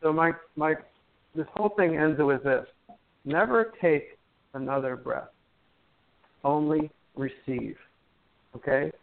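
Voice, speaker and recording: A man guest on a talk show, gently explaining breath and meditation in a chatty, teacherly way with playful jokes. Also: on the high side, slow, gravelly, pauses often. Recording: tinny phone line.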